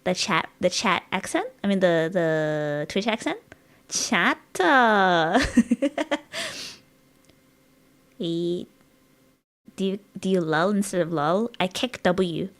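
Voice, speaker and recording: A woman's voice: lowish voice, expressive, slow pace, pauses often. A woman streaming live, rambling in casual chat with her viewers and giggling often, her voice a bit strained. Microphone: dynamic studio mic.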